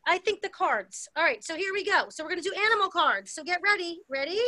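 A woman's voice: very high voice, expressive, background noise. Sing-song woman teaching kids to dance. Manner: cheerful, slow and sing-song with small children. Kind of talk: online kids' dance class. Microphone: video call.

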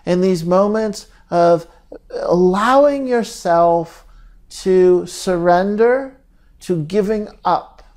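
Male therapist, mellow tone, slow gentle guided talk with pauses. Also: sits high. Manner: slow, gentle, halting delivery with frequent pauses.

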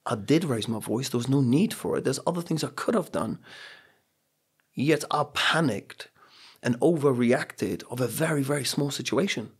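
A man's voice: medium pitch, expressive, moderate pace, breathy edge. A middle-aged man with a British accent, talking earnestly on a podcast and telling stories with emphatic repetitions. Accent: British English. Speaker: podcast guest. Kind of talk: reflective podcast conversation.

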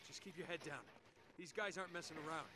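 An actor playing a seasoned male companion in an action game, giving urgent, terse warnings under loud game noise. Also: on the high side, fast talker, close to an everyday voice. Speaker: game character.

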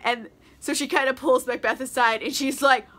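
Tipsy girl recapping a book, lots of "like" and swearing, high bright voice. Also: fairly even intonation, moderate pace. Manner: slangy and profane, heavy use of "like", laughs a lot. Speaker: book vlogger. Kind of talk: casual chatty book recap.

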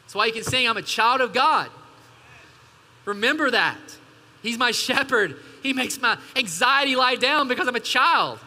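A man preaches from the pulpit in a very high, sharp and bright voice. He pushes his points hard and throws questions to the congregation. The sound carries a long reverb from the church hall. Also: lively intonation, normal speed. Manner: emphatic preaching with call-and-response asides. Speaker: pastor. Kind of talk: sermon.

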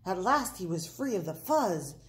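A woman reading a children's picture book aloud, slow and playful with the words. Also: fairly low pitch. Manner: slow, expressive, playful wordplay. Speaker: storyteller.

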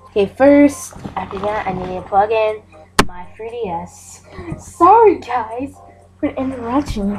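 A woman's voice: a little high, expressive, takes it slowly, pauses often, music in the background. A woman giving casual, chatty commentary as she plays a game, often giggling. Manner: chatty and giggly, narrating aloud. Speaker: gameplay video host.

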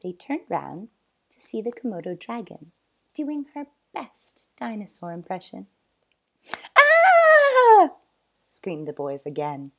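A woman reads a children's storybook aloud at an unhurried pace. Her pitch swoops up and down as she performs the story, and she punches out loud sound effects.

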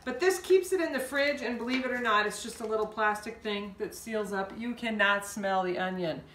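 A woman's voice: medium pitch, moderate pace, a bit bright, a little hiss or hum. A woman hosting a home cooking show, talking in a chatty, folksy way as she walks through each step. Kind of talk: casual cooking demonstration. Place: home kitchen. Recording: echoey kitchen, mic a bit far off.

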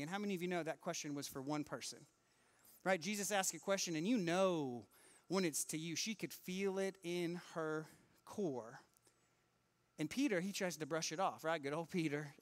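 A man preaching a sermon in church, lively and acting out the people in his stories. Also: on the high side, moderate pace. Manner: animated, acts out quoted voices. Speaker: pastor.

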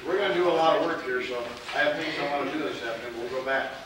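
A man teaching martial arts as a rambling lecture, repeating himself and filling pauses with fillers. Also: a little high, crowd noise. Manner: digressive, repeats words, many fillers. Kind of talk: rambling lecture with audience questions. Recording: distant, very echoey, noisy hall.

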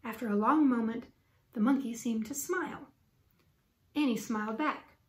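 A woman teacher reading a children's book aloud with lively, expressive storytelling. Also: fairly high pitch, moderate pace. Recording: roomy echo.

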